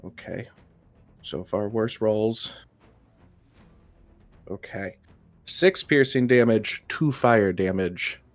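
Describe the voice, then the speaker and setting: A man playing a character in a tabletop game, declaring his actions in a lively, joking way. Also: on the low side, takes it slowly, long pauses, no room sound, faint music behind. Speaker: player. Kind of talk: casual tabletop play.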